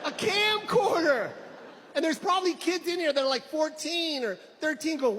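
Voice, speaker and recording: A middle-aged man doing stand-up, ranting loudly and nostalgically. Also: extremely high pitch, normal speed. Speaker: stand-up comedian. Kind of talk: stand-up routine. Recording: loud crowd and noise. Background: roaring audience.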